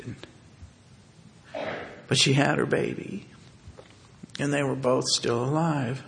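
Guy with a gravelly voice telling a family story, lots of um and restarts, stops and starts. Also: medium pitch, fairly even intonation, fairly bright tone. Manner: halting, with many fillers and restarts. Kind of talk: personal storytelling.

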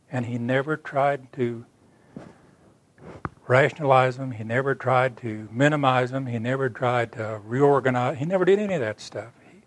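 A man giving an earnest, plainspoken sermon as a personal story, acting out the dialogue of the people in it. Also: medium pitch. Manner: plainspoken and folksy. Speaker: church speaker.

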